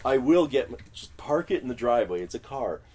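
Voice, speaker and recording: A man's voice: mid-range voice, a little fast, a little hiss or hum. A man from Illinois, a music producer and guest, telling stories in a casual interview and acting out the quotes in them. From Illinois, USA. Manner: animated storyteller who acts out quotes. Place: recording studio.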